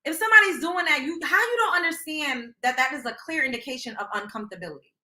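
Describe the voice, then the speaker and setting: A high-pitched, bright young woman gives her blunt take on celebrity gossip, cursing freely and acting out what people said in an animated way. Her voice rings out in an echoey room. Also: fast. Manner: blunt, animated, swears freely, acts out quotes. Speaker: host of a celebrity gossip livestream. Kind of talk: casual opinionated commentary.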